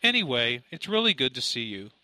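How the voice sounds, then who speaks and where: A man voicing a worried, supportive mother who speaks softly and calmly in an audiobook. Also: medium pitch, a little fast, dry recording. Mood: concerned. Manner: soft, calming, supportive. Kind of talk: audiobook character voice.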